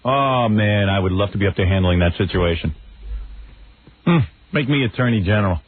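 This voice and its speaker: A blunt, brash man hosting talk radio, mocking everyone he brings up. His voice is husky and the sound is thin and tinny, like an old radio broadcast. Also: lowish voice, a little fast, no room sound. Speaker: radio talk show host. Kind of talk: provocative radio banter.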